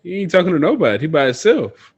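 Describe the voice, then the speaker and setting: A man's voice: on the high side, sing-song, quick pace, breathy edge, dull audio. A man co-hosting a casual podcast, throwing in short reactions and playful quips. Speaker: podcast co-host. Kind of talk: casual chat.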